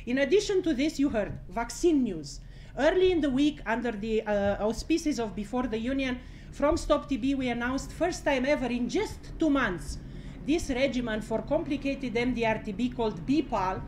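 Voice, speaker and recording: A woman with a high voice speaks to a room of journalists, blunt and outspoken, and she swears without a second thought. She moves between outrage and laughter as she drives her points home. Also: lively intonation, moderate pace, a little mellow, a little hiss or hum. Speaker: speaker at a press conference. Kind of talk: impassioned press conference address.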